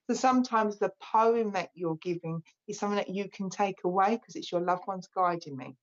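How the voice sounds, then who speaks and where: A woman's voice: mid-range voice, dull audio. Chatty woman in her forties. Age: 40s. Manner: relaxed, chatty and openly emotional. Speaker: psychic medium. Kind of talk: live-stream spiritual talk.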